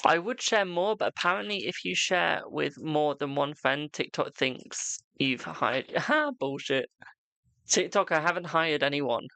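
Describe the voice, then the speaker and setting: This tarot reader's medium-pitched voice is creaky, pushed and bright, moving at a measured pace with no room sound. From home on a live stream, she chats casually and reads cards for viewers, laughing often and calling each one "my darling."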